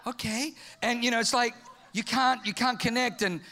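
A man preaching a humorous sermon, telling stories in an animated way and bursting into shouts. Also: very high voice, moderate pace. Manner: animated storytelling, acts out quoted voices, bursts into shouts.

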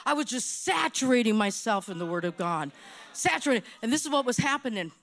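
A woman's voice: a little high, sing-song, brisk, fairly bright tone. A middle-aged woman preaching a sermon with passion, repeating phrases for emphasis.

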